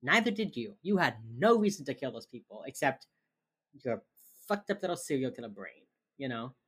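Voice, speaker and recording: A woman's voice: normal speed, husky. A woman co-hosting a podcast, casually retelling a TV episode and filling her talk with "like". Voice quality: very low-pitched, relaxed storytelling with lots of "like". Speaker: podcast co-host recapping a TV episode. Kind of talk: casual chat.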